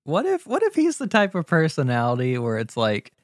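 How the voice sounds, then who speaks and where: A man's voice: a little high, fairly quick, no echo, studio quality. A man in casual conversation, thoughtfully brainstorming a short film and agreeing along. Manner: relaxed, thoughtful, lots of fillers and agreement.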